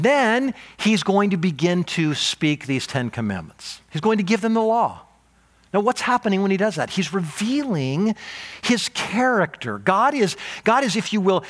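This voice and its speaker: A man preaching a sermon, emphatic and animated, with frequent repetition. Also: sits high. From United States. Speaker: pastor.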